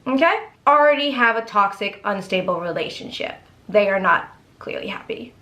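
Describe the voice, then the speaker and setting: A woman's voice: medium pitch, animated, normal speed, pushed and bright. A young woman telling a true crime story in a casual, chatty and profane way, as a YouTuber.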